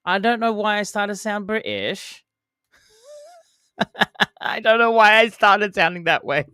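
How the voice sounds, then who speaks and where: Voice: mid-range voice, animated, measured pace, long pauses, bright, forceful tone, clear, resonant tone, dry recording, clean studio sound. A game streamer chatting casually while playing, answering chat, counting down jumps and making playful sound effects.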